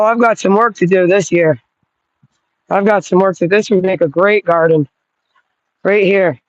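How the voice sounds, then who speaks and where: A woman's voice: medium pitch, dry recording, muffled recording. A woman vlogging from her yard in a loose, rambling way, cooing at dogs and swearing casually. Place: outdoors in a yard.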